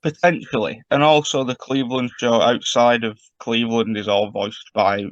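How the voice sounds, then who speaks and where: A man's voice: mid-range voice, steady tone, normal speed, no echo, lo-fi sound. A man, co-hosting a podcast in casual chat and analysing a cartoon with many fillers. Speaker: podcast co-host.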